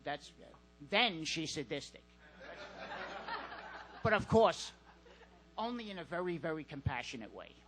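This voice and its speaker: A man doing a stand-up set in a comedy club, deadpan and halting with fillers. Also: on the high side, over music, low-quality recording.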